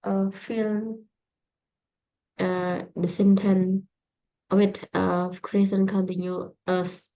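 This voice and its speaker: A woman student answering in an online class, halting with many fillers. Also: medium pitch, level tone, mellow, muffled recording.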